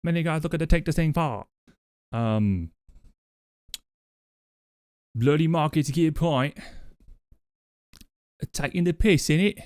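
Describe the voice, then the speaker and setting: Man doing a higher-pitched mock geezer, cheeky and slangy, dry sound. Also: unhurried, long pauses, a little mellow, clean tone, no room sound, close to an everyday voice.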